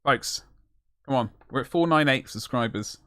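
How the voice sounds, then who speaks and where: A man's voice: medium pitch, moderate pace, pushed and bright, no room sound, clean studio sound. A young man chatting casually and jokingly while painting miniatures on a live stream, rambling with self-mocking asides.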